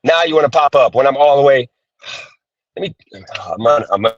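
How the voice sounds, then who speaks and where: Over dull, dry phone audio, a medium-pitched man talks fairly quickly as he rants live from his car about gig work. Frustrated, he curses and keeps repeating himself.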